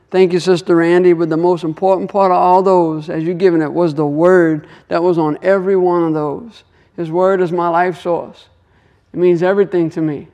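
Guy with a pretty high voice doing an earnest bible teaching, keeps repeating himself, prays out loud. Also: level tone, normal speed. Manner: earnest, repetitive, prays aloud. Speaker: Torah teacher. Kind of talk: devotional teaching.

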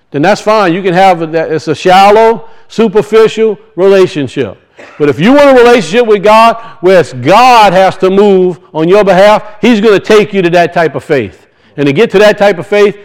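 High-voiced man preaching with folksy rhetoric. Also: rough recording. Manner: conversational preaching with rhetorical questions and folksy stories. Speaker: pastor. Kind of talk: sermon.

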